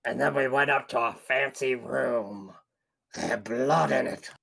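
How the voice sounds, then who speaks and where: A man recapping events as a player in a tabletop game, listing them flatly and correcting himself. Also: medium pitch, measured pace, vocal fry. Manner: flat listing, self-correcting.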